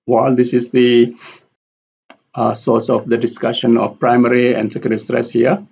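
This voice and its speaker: A man teaching English pronunciation in a slow lesson, carefully repeating example words. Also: mid-range voice, level tone, creaky, a little mellow, husky, lo-fi sound.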